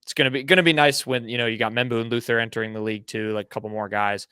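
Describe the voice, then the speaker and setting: A man's voice: mid-range voice, fairly even intonation, rapid-fire, pushed and bright, smooth, no room sound. A young man co-hosting a casual sports podcast, rambling and teasing his co-hosts, often restarting his sentences. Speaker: podcast co-host.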